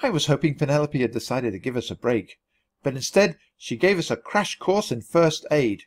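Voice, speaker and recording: A man reading a children's storybook aloud for learners, in an expressive, animated way. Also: mid-range voice, moderate pace. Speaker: storybook reader.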